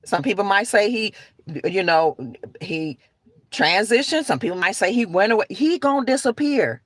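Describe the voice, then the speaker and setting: A woman's voice: mid-range voice, lively intonation, moderate pace, dry recording. Preachy, emphatic woman on a dry mic. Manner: emphatic, rambling, preachy, with restarts. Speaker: online commentator. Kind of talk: talking-head rant to camera.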